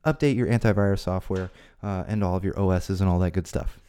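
Deep, mellow, and clean-toned, a man talks fast while hosting his own podcast in a home studio. The casual solo chat wanders with jokey asides and rambling restarts.

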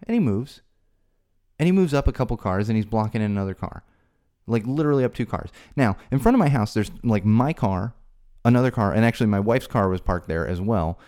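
A man hosting a solo podcast, ranting in an exasperated way, his voice climbing high when he gets worked up. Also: darkish tone. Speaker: podcast host. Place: home studio.

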